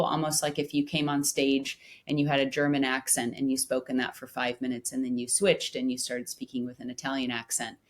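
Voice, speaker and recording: A woman comedian who is a guest on a podcast, talking casually and reflectively with many fillers. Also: sits low. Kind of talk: casual conversational podcast chat.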